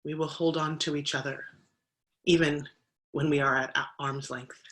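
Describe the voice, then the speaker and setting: A minister speaks to a congregation gathered over a video call, listing thanks and announcements. The voice is bright and forward. The talk is loose and conversational, with fillers along the way. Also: medium pitch, flat delivery, normal speed. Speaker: minister leading the service. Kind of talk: spoken service announcements.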